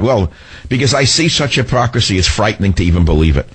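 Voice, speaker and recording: A man's voice: fairly low pitch, lively intonation, fast talker, slightly rough. An older man hosting a talk radio show, delivering a combative, sarcastic, rambling monologue.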